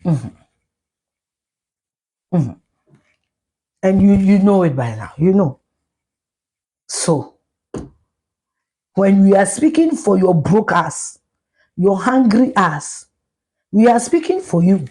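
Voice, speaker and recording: A middle-aged Ghanaian woman with a Ghanaian accent, ranting loudly and profanely in a live video, slipping into Twi. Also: medium pitch, very animated, takes it slowly, pauses often, breathy edge. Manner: loud, profane, mixes in Twi. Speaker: social media personality.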